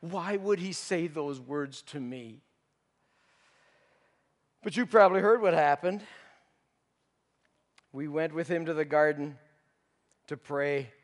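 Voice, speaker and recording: A man playing the disciple Peter in a dramatic first-person monologue, anguished, swinging between urgent outbursts and hushed confession. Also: a little high, slow, long pauses. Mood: wistful. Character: remorseful male disciple Peter, grown man haunted by guilt. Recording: long reverb of a large hall.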